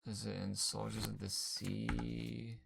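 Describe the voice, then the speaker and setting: Gravelly low-voiced man thinking aloud. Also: little pitch movement, slow, fairly bright tone, slight background noise. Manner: thinks aloud, muttering guesses, slangy. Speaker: gaming channel host. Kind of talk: casual let's-play commentary.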